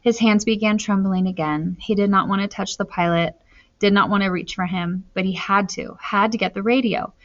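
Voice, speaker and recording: A woman narrates a novel at a steady storytelling pace, her voice lifting as the tension climbs. Her pitch sits in a middle range, and the recording sounds dull and lo-fi. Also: normal speed. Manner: steady storytelling, rising in tense moments. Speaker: audiobook narrator. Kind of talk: novel read aloud.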